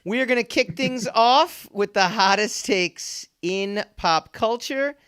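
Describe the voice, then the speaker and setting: Speaking slowly in a high voice that's clear, resonant, and slightly bright, this man hosts a casual pop culture podcast. He rambles, laughs a lot, and keeps restarting and dropping in fillers.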